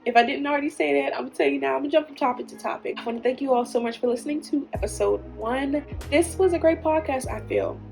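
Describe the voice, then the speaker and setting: A woman's voice: sits high, quick pace, gravelly, hardly any pauses, a little mellow, soft background music. A woman hosting her own podcast, talking earnestly and emotionally, tearful at times. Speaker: podcast host. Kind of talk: heartfelt solo podcast talk.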